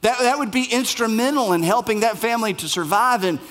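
High-voiced man preaching a sermon. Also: brisk, fairly bright tone. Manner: conversational, emphatic repetition. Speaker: pastor.

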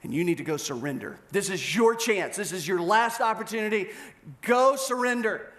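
A man voicing a stern old prophet, speaking low and grave with earnest urgency. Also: lively intonation, moderate pace, fairly bright tone.

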